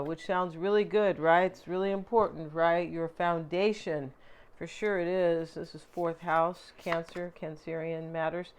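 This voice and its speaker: A woman's voice: on the low side, clear, resonant tone. A woman giving a tarot card reading in a chatty, rambling way, with many fillers and asides. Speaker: tarot reader. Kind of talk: casual tarot reading monologue.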